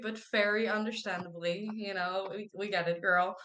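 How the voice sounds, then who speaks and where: A woman's voice: medium pitch, fairly even intonation, moderate pace, hardly any pauses, pushed and bright, slight background noise. A woman player wryly recapping a tabletop game session with sarcastic asides. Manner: sarcastic, wry.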